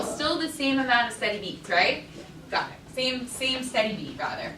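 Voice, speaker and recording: A woman leading a classroom lesson, chanting steady beats and syllables with energy. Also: fairly high pitch, moderate pace, crowd noise. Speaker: teaching artist. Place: school classroom. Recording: echoey classroom, far from the mic, noisy.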